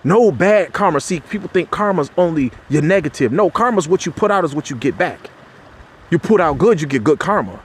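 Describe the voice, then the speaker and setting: A man giving an impassioned spiritual talk, loose and conversational, with slang and restarts. He climbs sharply in pitch whenever he drives a point home. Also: animated, brisk, a little hiss or hum. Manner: preachy, rises sharply in pitch when making a point. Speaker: motivational speaker.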